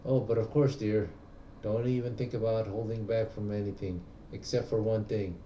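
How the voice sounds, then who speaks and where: A man reading as a gentle older nun. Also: on the low side, little pitch movement, moderate pace, echoey room, far from the mic, highs cut off, a little hiss or hum, natural voice. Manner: reads game text aloud in a plain voice.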